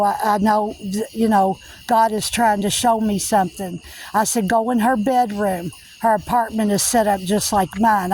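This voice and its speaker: A woman's voice: mid-range voice, a little mellow, low-quality recording. Earnest woman telling a faith testimony. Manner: earnest, repetitive retelling with many "I said" tags. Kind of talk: personal spiritual testimony storytelling.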